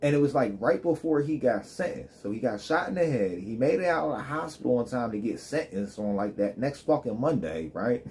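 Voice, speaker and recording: Man, casual profane rant, slangy and joking, mellow warm tone, mid pitch. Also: animated, brisk, hardly any pauses, slight background noise. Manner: loose, joking, street slang. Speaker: live streamer.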